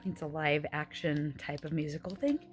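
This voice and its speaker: This vlogger, a woman in her forties, talks her way casually through a food diary, frequently sounding slightly winded as she goes from room to room and into a dance studio. Her pitch is medium and her pace moderate.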